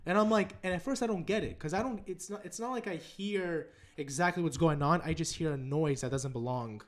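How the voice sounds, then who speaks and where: A young man co-hosting a casual podcast, telling animated stories with swearing and impressions of his family. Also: fairly high pitch, brisk. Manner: animated storytelling, swearing, mimics family members. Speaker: podcast co-host. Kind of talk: casual chat.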